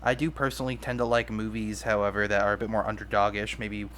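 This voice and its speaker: A young man talks alone on his podcast in a loose, unscripted ramble, often stopping to restart his sentences. His voice sits a little on the low side. He sounds self-deprecating and casual throughout. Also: flat delivery, fast, a bit bright, a little hiss or hum. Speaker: podcast host. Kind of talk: casual solo podcast talk.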